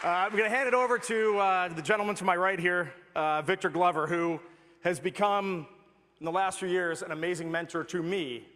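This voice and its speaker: A man's voice: high-pitched, steady tone, normal speed, sharp tone. A man, a mission commander who is losing his voice, speaking casually and enthusiastically to a crowd in a large hall. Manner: casual, enthusiastic, loose speech. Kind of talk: public speech.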